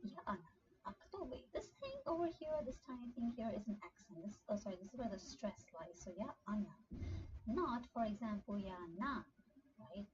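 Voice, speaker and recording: A chatty woman talks through a beginner lesson in a loose, rambling way. Her voice sits at an ordinary pitch but comes through dull and lo-fi. A steady hiss of noise runs behind her. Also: a little fast. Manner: chatty, rambling with many fillers. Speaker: language tutor. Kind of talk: casual screen-share study session. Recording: dull lo-fi sound with clear background noise.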